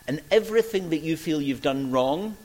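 An older man from Scotland, preaching a sermon and telling stories with emphatic pauses and voices for the people he quotes. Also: a little high, animated, a little mellow, rough recording.

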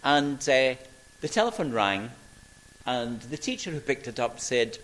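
An older man from Scotland, preaching a sermon and telling stories with emphatic pauses and voices for the people he quotes. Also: mid-range voice, lively intonation, poor audio.

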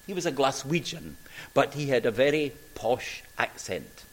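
An older man from Scotland, preaching a sermon and telling stories with emphatic pauses and voices for the people he quotes. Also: medium pitch, sing-song, low-quality recording.

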